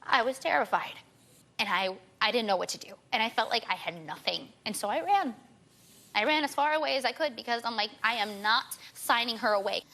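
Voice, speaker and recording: A woman in her twenties, a talk show guest, rushing through an emotional personal account and repeating herself as she pleads her case. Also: fairly high pitch, expressive, sharp tone.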